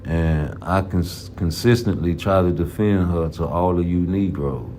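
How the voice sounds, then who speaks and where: A man's voice: low-pitched, measured pace, hardly any pauses, mellow, slight background noise. A man giving casual, profane, rambling boxing commentary in a vlog. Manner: profane, rambling, slang-heavy. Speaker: boxing vlogger. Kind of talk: casual trash-talking commentary.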